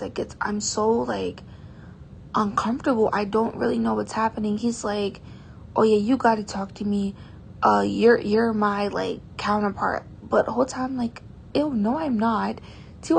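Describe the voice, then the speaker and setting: Gravelly chatty teen girl vlogger. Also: a little high, a little mellow, a little hiss or hum. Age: teens. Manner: chatty, exasperated, heavy use of "like". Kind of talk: casual storytime vlog.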